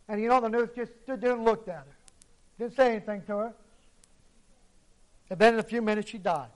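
A man delivers a sermon with a dramatic storyteller's manner. His voice is unusually high for a man. He swings between hushed, low-volume lines and forceful, emphatic declarations. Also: a little fast, long pauses, rough recording. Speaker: preacher.

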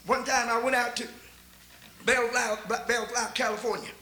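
An older man with a Texan accent, preaching a folksy sermon that repeats words and builds to shouts. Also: extremely high pitch, flat delivery, normal speed, roomy sound, a little hiss or hum, poor audio.

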